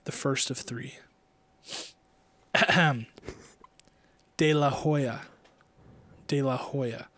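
A man's voice: mid-range voice, fairly even intonation, very slow, long pauses, fairly bright tone, dry recording. A man co-hosting a podcast, running a playful quiz game and teasing his co-host while building suspense. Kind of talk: casual podcast chat.

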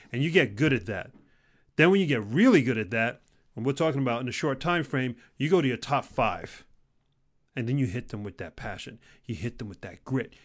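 A man in mid pitch delivers a fired-up pep talk. He pushes hard on key words and repeats them, then drops to a low, intense near-murmur before building up again. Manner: intense, emphatic, repeats lines for emphasis; swings between loud exhortation and low, quiet intensity. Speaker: career motivational speaker.

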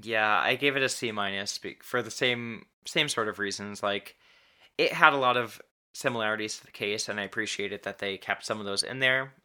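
A podcast co-host in casual chat, chatty and quick to laugh, stumbling over words now and then. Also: medium pitch, bright, forceful tone.

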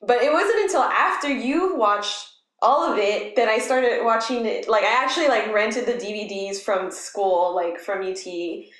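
A woman chatting casually as a podcast co-host, relaxed and rambling, with heavy use of "like". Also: fairly high pitch, measured pace. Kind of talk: casual chat. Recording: echoey room.

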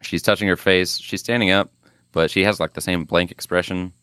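A man co-hosting a podcast, casually recapping strange videos in an animated way with some swearing. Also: deep voice, fairly quick, clean tone, dry recording, studio quality. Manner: animated storyteller, swearing, reading out clip numbers. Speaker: podcast co-host.

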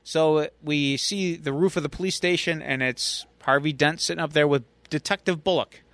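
A man co-hosts a podcast, casually retelling a comic plot scene by scene. His voice sits fairly high and sounds smooth and clear on a dry close mic. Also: fairly even intonation, moderate pace, a bit bright, dry recording. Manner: chatty storyteller, acting out quotes. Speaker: podcast co-host. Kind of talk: casual recap of a comic story.

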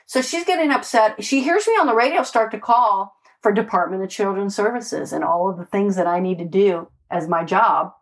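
A woman homicide detective recounts her street years in a loose, animated storytelling voice. She speaks emphatically and bluntly, swearing freely. She keeps checking in with her listener as she goes, at an everyday mid-range pitch. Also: normal speed, few pauses. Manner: animated, emphatic, swears, peppers speech with "right?" and "like". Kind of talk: casual storytelling in conversation.

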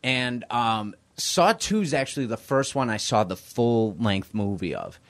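A man's voice: medium pitch, lively intonation, measured pace, fairly bright tone. A young man in casual chat as a podcast host, laid-back, swearing freely and acting out movie lines.

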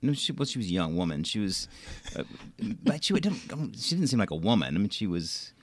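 A man guest in casual chat, talking in halting bursts with many restarts. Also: on the low side, big pitch swings, dry recording. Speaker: guest, Broadway actor.

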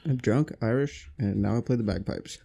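Male podcast co-host, gravelly and husky, laid-back, curt. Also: on the low side, moderate pace, warm tone. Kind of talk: casual chat.

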